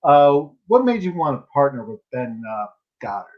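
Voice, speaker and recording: A man co-hosting a panel show, interviewing a guest in a laid-back, soft-spoken way. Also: mid-range voice, very animated, normal speed, dull audio. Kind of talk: casual interview banter.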